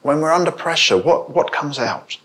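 A man's voice: animated, moderate pace, fairly bright tone. A man preaching a sermon to a congregation. He asks them questions and raises his voice when he quotes. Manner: rises in pitch and volume when quoting, asks the congregation questions.

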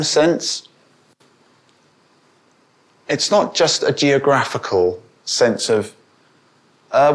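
Male preacher, unhurried sermon delivery, mid-pitched, lifts his voice on quotes. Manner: rises in pitch and volume when quoting, asks the congregation questions.

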